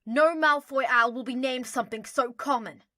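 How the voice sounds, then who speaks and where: A woman's voice: high voice, moderate pace, bright, forceful tone, no echo, studio quality, pitched above the performer's own voice. A woman voicing a haughty aristocratic teenage boy wizard who drawls indignantly in an audiobook.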